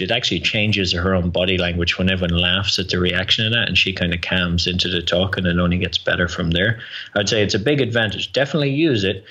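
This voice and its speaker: A man's voice: low-pitched, dull audio. An Irish man, a guest on a podcast interview, energetically explaining advice on public speaking. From Ireland. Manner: energetic, explanatory, drops into quoted voices.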